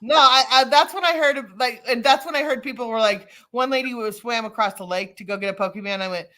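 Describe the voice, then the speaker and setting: A middle-aged woman telling stories in casual chat, acting out the quotes with lively energy. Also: fairly high pitch, quick pace. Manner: animated storyteller, acts out quotes.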